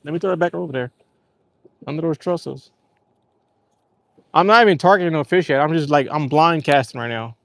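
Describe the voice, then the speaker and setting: A man's voice: on the high side, brisk, vocal fry, long pauses, no echo. Laid-back man chatting while fishing. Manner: rambling, laid-back storytelling with easy laughs. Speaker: fishing livestream host. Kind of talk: casual live-stream chat. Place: outdoors on a lake, fishing from a kayak.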